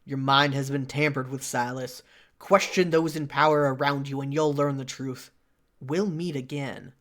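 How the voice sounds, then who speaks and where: A man's voice: medium pitch, steady tone, moderate pace, fairly bright tone, lightly acted. A man voicing a grim, determined vampire man with an odd accent, growling intently, while reading a game aloud.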